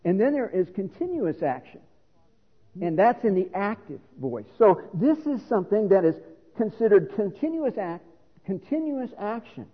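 Middle-aged man, pastor, sermon, husky voice, long hall echo, thin phone-like sound. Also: high-pitched, very animated, normal speed. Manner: teaching, explanatory, earnest. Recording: reverberant hall on a phone-like line.

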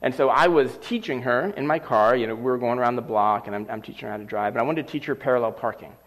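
A middle-aged man preaching a sermon, telling a personal story with lively, animated delivery. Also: medium pitch, quick pace. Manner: animated storyteller acting out scenes. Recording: long reverb of a large hall.

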